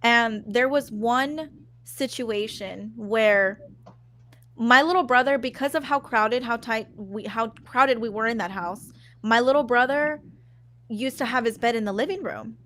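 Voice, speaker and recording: A woman's voice: on the high side, measured pace, a bit bright. A woman guest on a video call telling a personal ghost story in a casual, hesitant way, with lots of filler words. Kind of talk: personal storytelling on a live show.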